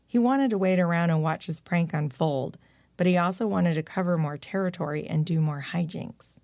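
A woman narrating a children's storybook in a gentle, measured way. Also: on the low side, vocal fry, dry recording, clean studio sound.

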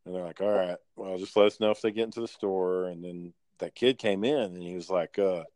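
A man telling work stories in casual chat, animated and profane, acting out the people in them. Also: low voice, fairly quick, dry recording.

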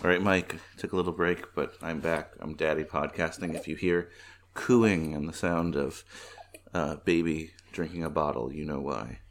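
A man's voice: a bass voice, steady tone, moderate pace. A man co-hosting a podcast, chatting casually and laughing often. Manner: laid-back, laughs often, does mock accents in quotes. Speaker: podcast co-host. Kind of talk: casual chat. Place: home.

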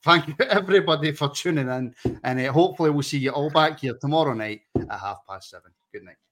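A man's voice: medium pitch, fairly quick. A man hosting a casual football podcast, chatty and joking as he wraps up the show. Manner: jokey, chatty sign-off patter. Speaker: podcast host.

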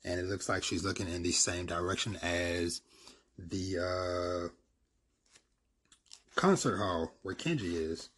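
A man's voice: deep voice, slow pace, pauses often, fairly bright tone, husky. A man casually retelling a comic's plot in a rambling, filler-heavy way.

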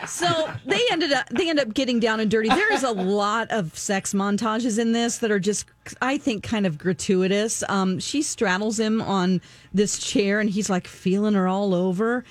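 A woman's voice: medium pitch, moderate pace, dry recording. A woman in casual chat, sarcastically picking apart a movie and often laughing as she talks. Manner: sarcastic, laughs while ranting. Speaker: podcast co-host reviewing a movie.

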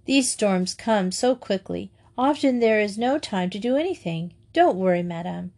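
A sensible senior schoolgirl who talks in a steady, reassuring way, as a woman voices her in a storybook. Her tone stays even and calm. It is a level-headed delivery. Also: medium pitch, moderate pace.

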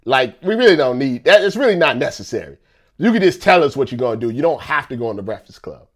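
A man's voice: medium pitch, quick pace. Guy going off on a rant, keeps asking "you know what i'm saying", voice jumps all over. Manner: animated, repeats himself, rhetorical questions. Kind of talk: casual political rant.

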